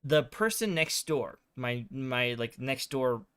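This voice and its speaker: A man's voice: medium pitch, expressive, slow pace, fairly bright tone, smooth, no room sound. A male streamer casually recapping a game's story, rambling with lots of fillers. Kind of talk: casual game recap chat.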